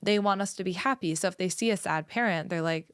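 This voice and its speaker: A woman's voice: on the low side, fast, clean tone, no room sound, studio quality. A woman in her thirties, a therapist hosting a parenting podcast, explaining her points through step-by-step examples. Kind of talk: casual parenting podcast chat.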